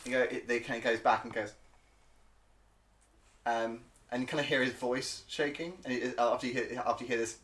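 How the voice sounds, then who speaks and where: A man narrating as game master of a tabletop game, halting and full of filler words. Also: mid-range voice, little pitch movement, fairly bright tone, a little hiss or hum. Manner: halting, full of ums and uhs.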